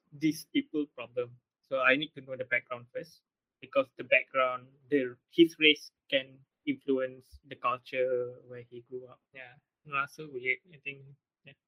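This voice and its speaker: A man's voice: mid-range voice, pushed and bright, rough recording. A man interviewing a guest, asking curious, probing questions. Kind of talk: casual interview.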